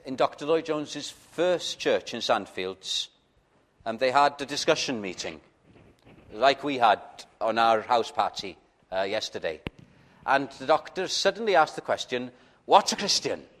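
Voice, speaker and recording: An unhurried male preacher, mid-pitched, who takes his time over every phrase. He questions his listeners earnestly, now and then tripping over the first sound of a word, and swells into fervent appeals. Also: lively intonation, fairly bright tone. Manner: stammers on openings. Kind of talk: evangelical sermon.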